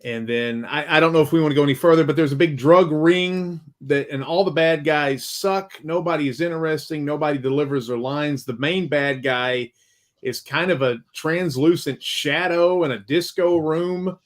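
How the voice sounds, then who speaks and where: A man hosting a casual movie discussion who gives blunt, opinionated critiques in a steady roll. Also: fairly high pitch, normal speed. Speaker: podcast host.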